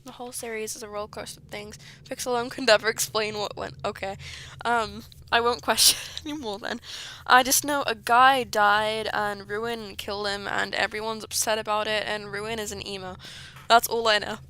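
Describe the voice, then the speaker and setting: A woman's voice: mid-range voice, steady tone, moderate pace, sharp tone, clear, resonant tone. A woman streamer reading her friends' old fan fiction aloud, often breaking off to laugh, apologize and comment. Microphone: streaming mic. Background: music playing.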